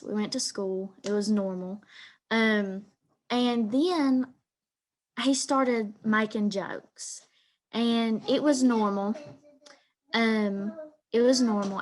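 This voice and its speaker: A teenage girl with an Eastern Kentucky accent, retelling a partner's story in first person, hesitant with frequent ums and pauses. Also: medium pitch, fairly even intonation. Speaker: student storyteller.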